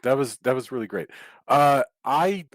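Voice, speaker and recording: A man hosting a podcast, talking in a relaxed, casual way. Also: medium pitch, measured pace, dry recording. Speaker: podcast host. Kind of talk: casual chat.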